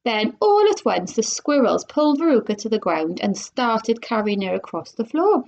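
Lively woman reading a storybook aloud. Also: on the high side, moderate pace, few pauses. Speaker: primary school teacher reading aloud. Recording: dull lo-fi recording.

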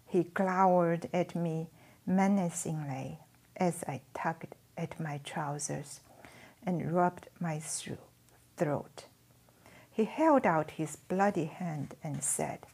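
Woman, memoir read-aloud, hushed near-whisper, very slow, breathy. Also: fairly low pitch. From China. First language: Chinese. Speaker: author reading her memoir.

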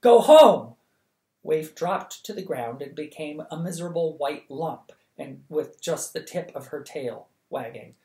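A reader narrating a novel for bedtime at a steady, lively pace. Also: mid-range voice, measured pace, hardly any pauses. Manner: steady, lively, acts out the dialogue. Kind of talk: audiobook reading of a novel. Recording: echoey room.

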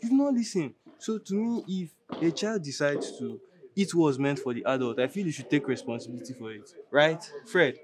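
A man's voice: medium pitch, moderate pace, background noise, lightly acted. A young man playing a mocking, self-righteous teen boy who preaches at his friend. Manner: preachy, teasing.

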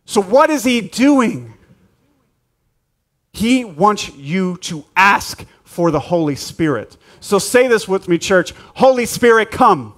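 A male pastor preaching and leading prayer, urging the church with repeated calls that build into shouted prayer. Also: high-pitched, very animated, takes it slowly. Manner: urgent, repetitive exhortation building to shouted prayer. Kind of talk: sermon and prayer.

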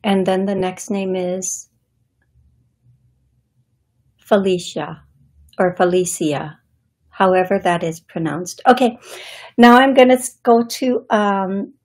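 Brief: woman psychic medium host, unhurried, halting delivery, laughs easily between thoughts, middle-pitched. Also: darkish tone. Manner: slow, halting, thinking aloud with pauses; laughs often between remarks. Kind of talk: live call-in radio show.

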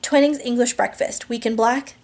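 A woman reading aloud, voicing a kind, attentive woman assistant in a gentle, soft way. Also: fairly high pitch, steady tone, normal speed, natural voice. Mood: caring. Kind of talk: audiobook character reading.

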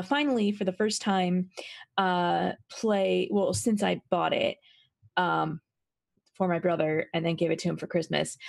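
A woman chatting casually with her tabletop group, pausing often with ums and restarts. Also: mid-range voice, vocal fry. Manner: hesitant, many ums and restarts. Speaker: player. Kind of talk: casual chat. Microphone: voice-chat microphone.

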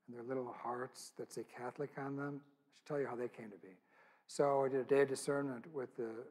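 Husky man, church speaker, earnest storytelling talk. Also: medium pitch. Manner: earnest, intimate storytelling with quoted dialogue.

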